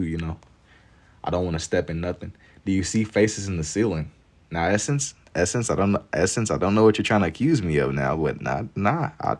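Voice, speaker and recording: A young man with a very low voice chats at his own easy pace, the rhythm of his speech plain throughout. He reads viewers' comments aloud and replies while he draws, relaxed and joking. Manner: laid-back, reads and answers chat while drawing. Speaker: livestream artist. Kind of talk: casual livestream chat.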